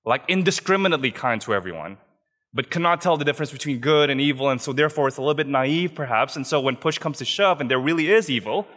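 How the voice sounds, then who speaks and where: A man's voice: a little high, bright, forceful tone. A young adult man preaching a sermon in an earnest, conversational way, often checking in with his listeners with "right?" asides. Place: church hall. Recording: long hall reverb.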